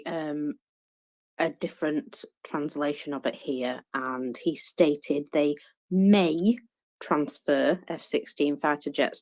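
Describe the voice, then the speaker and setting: A man reading a defence update aloud in a casual online discussion, with hesitant fillers between passages. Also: fairly high pitch. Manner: reads steadily with hesitant fillers. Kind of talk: casual discussion and read-out report.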